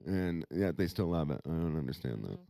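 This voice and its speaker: A man's voice: very deep voice, lively intonation, fairly quick, gravelly, warm tone. A man co-hosting a podcast, speaking bluntly and provocatively in casual chat. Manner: blunt, provocative, laughs at own remarks. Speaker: podcast co-host.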